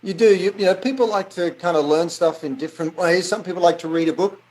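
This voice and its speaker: An Australian man speaking as a podcast guest, his voice a bit higher than most. He explains things in an upbeat, chatty way. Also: fast talker, a little mellow, low-quality recording. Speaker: guest, business author. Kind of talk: casual interview chat.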